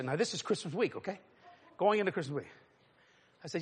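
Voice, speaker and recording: A middle-aged preacher tells a story in a sermon, acting out the voices of other people. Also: male voice, high-pitched, quick pace, long pauses, slightly rough. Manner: animated, acts out voices, chuckles.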